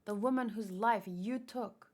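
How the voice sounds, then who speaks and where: A woman's voice: mid-range voice, a little slow, darkish tone, close to an everyday voice. A woman voicing a heartbroken young male cook who speaks bitterly, in a manga read-aloud.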